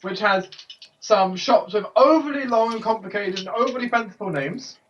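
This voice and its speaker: A man running a tabletop game as game master, narrating scenes in a casual, halting way. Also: high-pitched, slight background noise. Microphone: computer mic on a voice call. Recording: distant, dull voice-chat audio.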